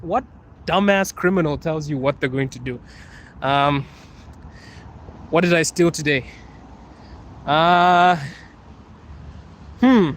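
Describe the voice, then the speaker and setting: A man's voice: fairly high pitch, animated, a little slow, pauses often, a little hiss or hum. Laughing, chatty young Zimbabwean man outdoors. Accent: American-leaning English. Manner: chatty, laughs often, playful. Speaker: livestream host. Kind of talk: casual livestream chat reading comments. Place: outdoors on a city street at night.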